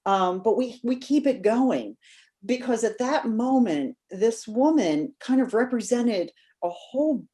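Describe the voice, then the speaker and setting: A woman guest on a podcast, telling a story in a casual, animated way and acting out the voices of people she quotes. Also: a little high, unhurried.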